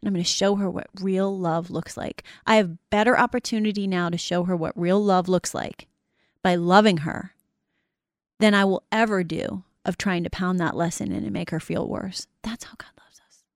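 A woman's voice: fairly low pitch, fairly even intonation, moderate pace, no echo. Woman, middle-aged, faith talk host, encouraging, scripture quoting, dry sound. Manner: warm encouraging, quotes scripture.

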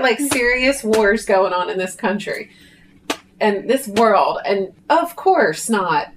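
A woman's voice: mid-range voice, animated, slow, crowd noise. A woman taking part in a casual group Bible study, self-deprecating and often laughing through her words. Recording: distant mic with clear background noise.

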